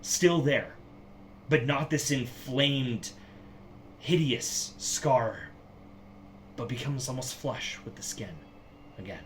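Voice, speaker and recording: A man running a tabletop game as game master. He narrates scenes slowly and vividly, with a middle pitch. A faint noise sits behind his voice. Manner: slow, vivid descriptive narration.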